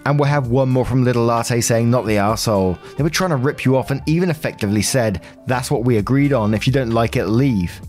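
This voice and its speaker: A man's voice: medium pitch, fast talker, hardly any pauses, a little mellow, faint music behind. Man reading online stories aloud. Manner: dry, opinionated commentary between readings. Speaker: story-reading channel host.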